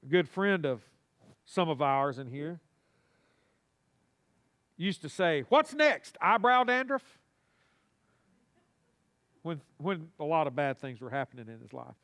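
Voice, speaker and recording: Guy preaching, fairly high voice, lively and folksy, gets the congregation talking back. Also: unhurried, pauses often. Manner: animated, folksy, calls on the congregation to respond. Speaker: pastor. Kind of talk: sermon. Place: church sanctuary.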